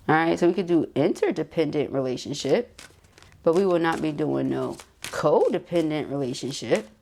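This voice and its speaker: A woman's voice: low voice, sing-song, unhurried, vocal fry, dark tone. A woman giving a casual, emphatic tarot reading straight to her viewers. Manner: chatty, emphatic, addresses viewers directly with asides and laughs. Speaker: tarot reader.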